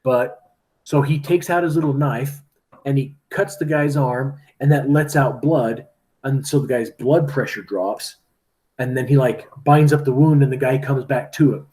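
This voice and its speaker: A man's voice: medium pitch, unhurried, darkish tone. A man teaching a class, casually retelling a story with lots of "like" and "right?".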